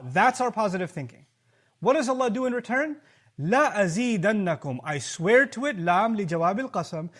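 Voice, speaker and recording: A man preaching in a high, lively voice, acting out little scenes and jokes for his listeners. He slips Arabic verses into his explanation. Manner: animated, acts out voices and jokes. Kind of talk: Islamic lecture.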